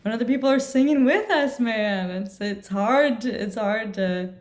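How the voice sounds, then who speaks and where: A woman's voice: a little high, animated, moderate pace. A woman who sings, joining an online music show over a video call and chatting in a laid-back, joking way with easy laughs. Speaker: guest singer. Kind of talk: casual chat. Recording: roomy echo.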